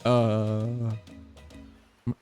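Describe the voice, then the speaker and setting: A man's voice: monotone, extremely slow, warm tone, smooth, soft background music. Giggly man streaming a dating game. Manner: playful, giggly, jumps into high-pitched bursts. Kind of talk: reading a dating game aloud and reacting.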